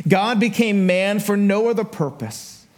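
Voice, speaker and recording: A middle-aged man preaches in a church with a voice pitched high for a man. He tells stories with playful asides and briefly acts out the people in them. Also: expressive, unhurried. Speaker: pastor. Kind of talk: sermon. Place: church sanctuary.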